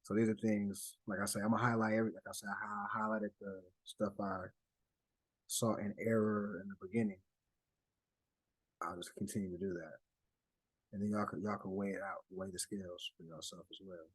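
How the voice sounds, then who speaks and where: Man, husky, lowish voice, dry close sound, casual explainer. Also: level tone, moderate pace, dry recording, low-quality recording. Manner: conversational, restarts and asides, uses y'all. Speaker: study group presenter. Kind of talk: casual explanatory talk over slides.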